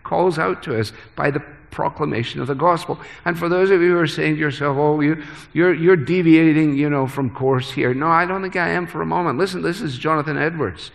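A man preaching a sermon earnestly, moving from hushed phrases to emphatic ones. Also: a little high, a little fast, vocal fry. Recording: long hall reverb.

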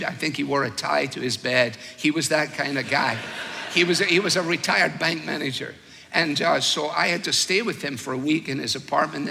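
An older man preaching a sermon, telling stories with wry humor and slow, weighed emphasis. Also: fairly high pitch, creaky, pushed and bright, big-room sound.

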